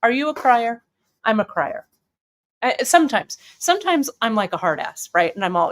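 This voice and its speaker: A woman's voice: fairly high pitch, very animated, normal speed. A woman hosting a craft shop live stream, chatting casually with viewers, a little teary and sniffling, with lots of fillers and restarts. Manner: chatty and emotional, tearing up, many fillers.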